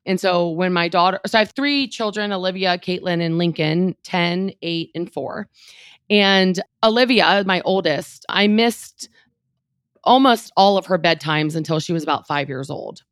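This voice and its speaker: A woman in her thirties, a real estate team leader, telling a candid personal story in an interview, animated and emotional, with lots of "like" fillers. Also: fairly low pitch, a little slow, no echo, clean studio sound.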